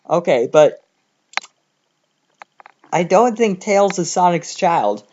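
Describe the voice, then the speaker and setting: A man's voice: sits high, big pitch swings, takes it slowly, pauses often, darkish tone. A man reading fan fiction aloud as a comedy host, commenting in a sarcastic, mocking way. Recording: slightly dull home recording with faint noise.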